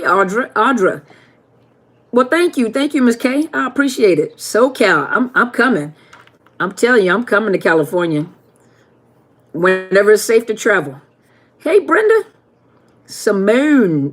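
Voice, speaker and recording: A woman hosting a live question-and-answer stream, chatting casually and greeting viewers one by one by name. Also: mid-range voice.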